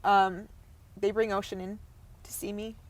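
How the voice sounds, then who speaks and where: A young adult woman, a podcast guest, telling a painful personal story in a halting way, often breaking off and dropping her voice low. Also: level tone. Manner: halting, breaks off and restarts, voice drops to near whisper at times.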